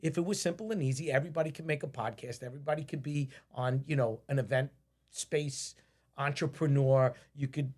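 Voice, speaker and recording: A man's voice: mid-range voice, a little fast, darkish tone. Emphatic man hosting a podcast. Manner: emphatic, repeats phrases and restarts sentences. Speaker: podcast host. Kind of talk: casual podcast conversation.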